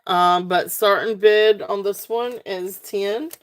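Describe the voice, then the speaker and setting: Unhurried Southern woman hosting a live sale. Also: mid-range voice, fairly even intonation. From South Central Virginia, USA. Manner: chatty, many fillers, thanks viewers by name. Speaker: live sale host selling jewelry. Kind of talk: casual live-stream sales talk.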